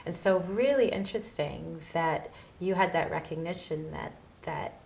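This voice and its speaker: A woman interviewer with a fairly low voice offers steady, supportive affirmations. She reflects back what her guest says. A faint noise hum sits under the recording. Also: normal speed, creaky. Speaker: interviewer, life coach. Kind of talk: interview conversation.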